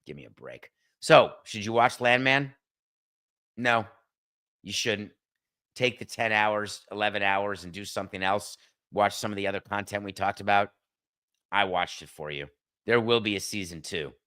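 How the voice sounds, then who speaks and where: A man's voice: on the low side, moderate pace, long pauses, sharp tone. A middle-aged man hosting his own podcast, giving blunt, sarcastic opinions in a solo commentary and joking at his producer. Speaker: podcast host.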